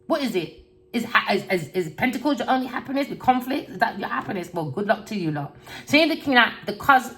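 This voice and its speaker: A woman's voice: fairly high pitch, fairly bright tone. A woman gives a collective tarot reading, talking bluntly and preachily, scolding her listeners with repeated words and swearing. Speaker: tarot reader.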